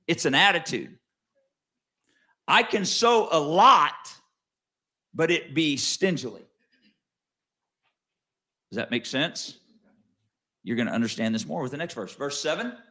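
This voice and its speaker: Preacher with lively, swinging delivery. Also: male voice. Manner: conversational with wide swings in pitch and loudness, slows to stress key words. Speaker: pastor. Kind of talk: sermon.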